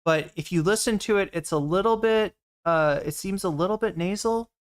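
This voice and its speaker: A woman's voice: mid-range voice, normal speed. A woman streamer chatting casually while reacting to a video, rambling and talking to her chat.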